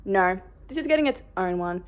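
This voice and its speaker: A woman vlogging in a casual, rambling way, bubbly and excitable. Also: medium pitch, moderate pace. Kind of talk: casual chat.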